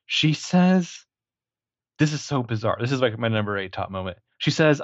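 A podcast co-host with a medium-pitched voice chats casually and sarcastically about a film, swearing and laughing a lot. He's very animated at a normal pace, with no room sound and dull-sounding audio.

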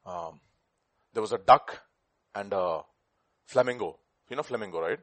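A man's voice: fairly low pitch, moderate pace. A man preaching a sermon, asking the congregation questions and telling a folk story to make his point. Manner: animated, rhetorical questions, storytelling.

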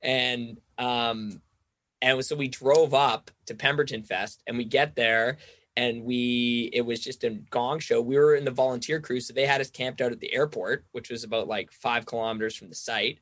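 A man's voice: medium pitch, fairly even intonation, normal speed, fairly bright tone, dry recording. Rambling man telling a story. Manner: rambling, says "like" constantly, acts out quoted voices. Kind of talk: casual storytelling chat.

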